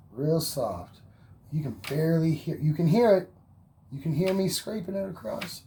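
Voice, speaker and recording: Expressive and at a normal speed, a man with a fairly high voice leads a relaxed oil painting tutorial. He talks the viewer through each stroke in an upbeat, repetitive way, occasionally moving from the mic, with faint background noise.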